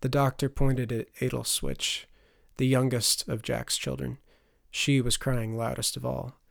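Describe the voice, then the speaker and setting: A man narrating a fantasy audiobook in a measured storytelling voice. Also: mid-range voice, level tone, creaky, no room sound, clean studio sound.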